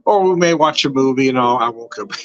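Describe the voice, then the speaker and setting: Fast and animated, with a mid-range voice and lo-fi audio, this older wine vlogger from Southern California livestreams from his home. His easygoing talk meanders, broken up by frequent laughter and the occasional curse.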